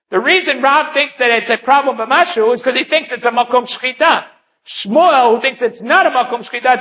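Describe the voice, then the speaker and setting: A man's voice: extremely high pitch, bright, forceful tone. A man giving a daily Talmud lesson, explaining each point step by step and weaving in Hebrew and Aramaic terms. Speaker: Talmud teacher. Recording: dull lo-fi recording.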